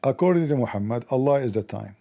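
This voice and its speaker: Man, livestream host, gravelly, very dark tone, sarcastic comic rant. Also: mid-range voice, expressive, fast. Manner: sarcastic, mocking, acts out dialogues. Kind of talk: mocking comedic monologue.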